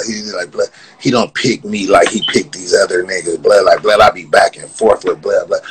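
A man ranting casually on his vlog, repeating the same slang and laughing as his voice jumps up when he gets animated. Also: fairly low pitch, poor audio. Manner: repetitive, profane, keeps saying "blood". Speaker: vlogger.

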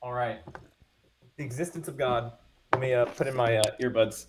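A young adult man, a guest in a casual video discussion, playful and quick to laugh. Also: mid-range voice, a little hiss or hum. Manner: playful, laughing easily, lively.

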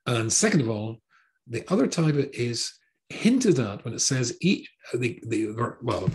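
A man teaching a Torah class as a rabbi, translating line by line with wry, sarcastic asides and hesitant restarts. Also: medium pitch.

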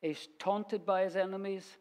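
A man teaching a Bible sermon in a church, unhurried and storytelling as he quotes verses. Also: high voice, level tone, darkish tone. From Scotland. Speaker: preacher.

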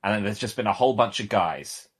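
A man co-hosting a casual podcast, rambling with wry, deadpan humor. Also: lowish voice, fast talker, slightly rough. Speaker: podcast co-host.

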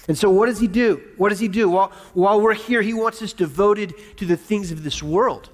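High-voiced preaching man in a reverberant hall. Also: a little fast, hardly any pauses. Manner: call-and-response preaching, repeats phrases for emphasis. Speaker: pastor. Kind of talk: sermon. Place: church auditorium.

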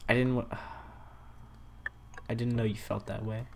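A young man hosting a let's play, joking and reading chat messages aloud in an animated voice. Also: medium pitch, slow pace, vocal fry, a little hiss or hum. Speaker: gaming channel host. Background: loud game music.

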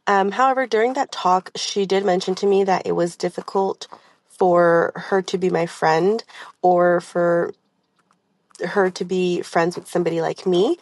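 A woman leaving a recorded question for an advice show, hesitant and full of "um"s. Her voice sits on the low side with a strong vocal fry running through it. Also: steady tone, measured pace, darkish tone. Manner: hesitant, with many "um"s and "you know"s. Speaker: listener asking a question.

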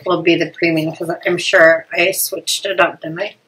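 A woman's voice: lowish voice, little pitch movement, moderate pace, a bit bright, slight background noise, rough recording. A woman in her thirties hosting a casual family snack unboxing, chatty and laughing often, stumbling over foreign names. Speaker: family channel host.

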